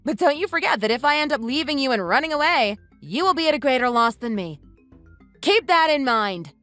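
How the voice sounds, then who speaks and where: A text-to-speech woman's voice voicing a scornful, sharp-tongued young wife who scolds her husband in a text-message story. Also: high-pitched, lively intonation, fairly quick, no echo, soft background music. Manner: mocking, scolding.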